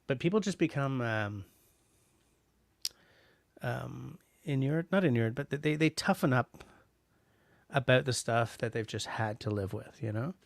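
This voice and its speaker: A man's voice: mid-range voice, unhurried, creaky, long pauses, no echo. A middle-aged man from Canada hosting a casual livestream, reading out chat messages and rambling with lots of restarts and fillers.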